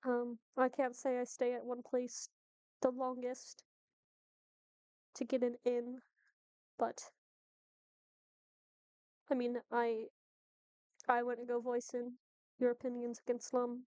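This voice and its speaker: Woman putting on a cautious guide, put-on Irish lilt, hesitant and halting, high clear voice, dry close sound. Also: monotone, a little mellow, dry recording. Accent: put-on Irish, drifting toward Boston. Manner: hesitant, full of ums and restarts. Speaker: game master voicing a character.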